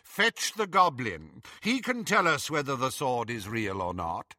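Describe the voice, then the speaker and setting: A man's voice: mid-range voice, sing-song, measured pace, sharp tone, dry recording, studio quality, heavily acted. A man voicing a cold, commanding aristocratic villain in an audiobook.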